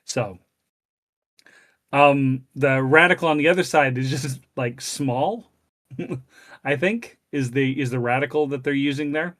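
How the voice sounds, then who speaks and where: Man, casual discussion, careful, thinking aloud, medium pitch. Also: measured pace, pauses often, fairly bright tone, no echo, studio quality. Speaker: co-host reading the text.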